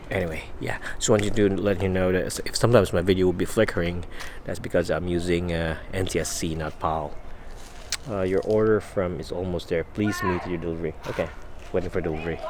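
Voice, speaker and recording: A man from the Philippines talking casually to camera in a vlog, rambling with many fillers and breaking into angry swearing rants. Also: low-pitched. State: headache, migraine. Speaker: vlogger. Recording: noisy street and traffic behind.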